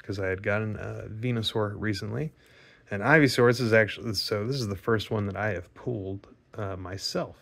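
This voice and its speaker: A man's voice: lowish voice, normal speed, creaky, fairly bright tone. A man casually commenting as he opens trading card packs, chatty and laid-back with joking asides. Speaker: card-opening video host. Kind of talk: casual pack-opening commentary.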